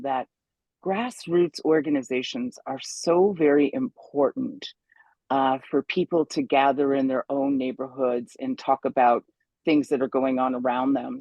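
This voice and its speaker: A woman's voice: rumbling low, a little mellow, no room sound. A woman guest on an interview show, an environmental activist talking in a chatty, upbeat way with many fillers. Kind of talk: casual interview.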